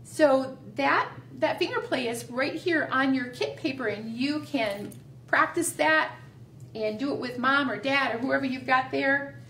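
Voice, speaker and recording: A woman leading a library storytime, reading aloud to young children in a gentle, sing-song, encouraging way. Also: high voice, unhurried, a little hiss or hum. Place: library room. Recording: echoey room, voice caught from a distance.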